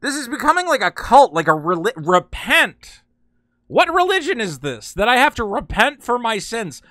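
A man hosting a casual commentary vlog, talking in an excitable, rambling, exasperated way. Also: very high voice, brisk, no room sound, clean studio sound. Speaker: channel host.

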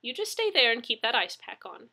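A woman voicing a motherly older woman neighbor who speaks in a brisk, fussing way in an audiobook reading. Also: fairly high pitch, sing-song, vocal fry, pushed and bright, voice pushed up, heavily acted.

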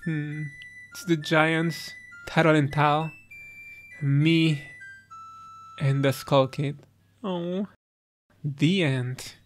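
A man's voice: a little high, steady tone, drawn-out words, long pauses. A man hosting a let's play, reacting to a game ending with chuckles and then reflecting on it, tearing up. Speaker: gaming channel host. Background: faint game music.

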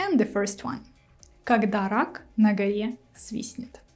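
A woman's voice: medium pitch, fairly even intonation, a little slow, darkish tone, soft background music. A young woman with a Russian accent, a native Russian speaker, patiently explaining idioms in a video lesson. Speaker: language teacher.

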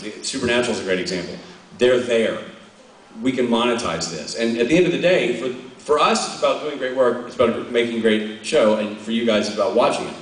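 A man's voice: medium pitch, quick pace. A man with a Southern American accent, chatting and joking on a convention panel. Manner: animated, joking, clowning with accents. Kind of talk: casual panel chat. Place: large convention hall with audience. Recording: echoey hall from far off with crowd noise.

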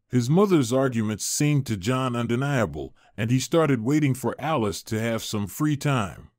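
Male storyteller, mid pitch, steady scripted narration, dry. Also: normal speed, few pauses, no echo.

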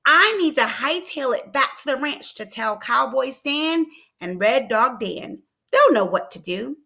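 A woman's voice: high voice, animated, measured pace, gravelly, pushed and bright, full character voice. A woman voicing an anxious little female prairie chicken with a folksy, urgent drawl, for a storybook read-aloud.

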